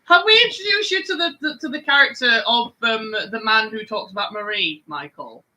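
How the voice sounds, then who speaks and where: A woman leads a loose, unscripted chat podcast, her voice high and strikingly bright, swinging widely up and down. She banters loudly, laughs often and swears without a second thought. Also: animated, brisk, poor audio. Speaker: podcast host.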